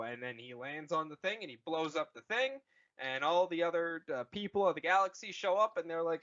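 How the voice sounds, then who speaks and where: Breathless guy ranting and laughing, swears a ton, bright voice, muffled podcast sound. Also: fairly high pitch, normal speed. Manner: profane, giddy, lots of laughing. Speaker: podcast co-host retelling a movie. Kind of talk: rambling comedic recap with funny voices.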